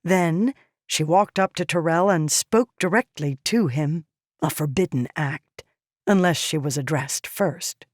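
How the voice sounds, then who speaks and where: A woman reading a fantasy novel aloud in measured scripted narration. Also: deep voice, no echo, studio quality. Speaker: audiobook narrator.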